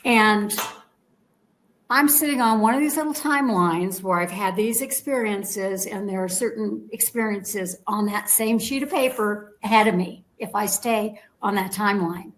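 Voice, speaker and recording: Animated woman telling a personal story. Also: mid-range voice, moderate pace, a little hiss or hum, low-quality recording. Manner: animated storyteller, acts out quoted dialogue, checks in with "okay?". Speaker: guest.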